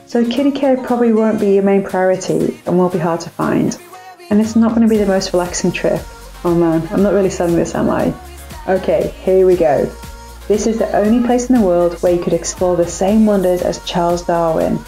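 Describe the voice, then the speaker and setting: Woman, young adult, travel vlogger, chatty, self-mocking, gravelly. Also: on the low side, mellow, roomy sound. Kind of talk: family travel vlog narration.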